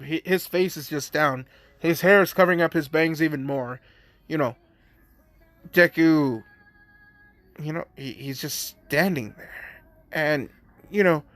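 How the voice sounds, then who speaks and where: A man's voice: a little high, a bit bright, no echo. A man casually narrating a fan-made story, rambling with many fillers. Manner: rambling, heavy use of "you know" and "like".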